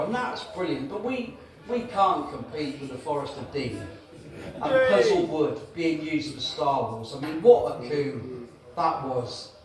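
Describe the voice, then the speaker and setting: A man with a Gloucestershire accent doing a stand-up comedy set, crude and self-mocking, recorded from far off in an echoey small venue with the audience audible. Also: a little high. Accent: Gloucestershire English. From England.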